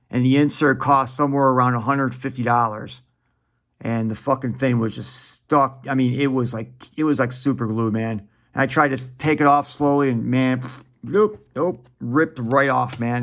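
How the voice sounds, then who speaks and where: A man's voice: medium pitch, gravelly, fairly bright tone. A man in his forties chatting casually while opening trading card packs, rambling and profane, chuckling often.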